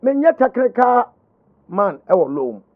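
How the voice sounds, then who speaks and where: High-voiced man on muffled radio. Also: big pitch swings, unhurried, no room sound. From Ghana. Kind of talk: mixed Twi and English radio talk. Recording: dry muffled radio broadcast.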